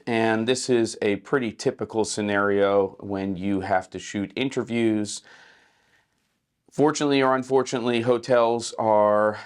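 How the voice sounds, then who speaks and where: Male host, low, smooth voice, relaxed how-to chat, slightly rough morning voice, small hotel room. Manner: relaxed, conversational, many fillers. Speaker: filmmaker host. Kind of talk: casual how-to explanation.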